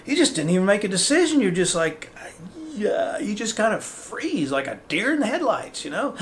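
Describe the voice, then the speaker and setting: A man's voice: high voice, normal speed, slight background noise. A man hosting a podcast, giving a motivational talk and acting out the voices he quotes. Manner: animated, acts out quoted voices. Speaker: podcast host.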